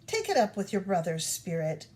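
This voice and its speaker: Wise old woman, calm and firm, slow deliberate delivery, read by a woman; storybook. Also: on the low side.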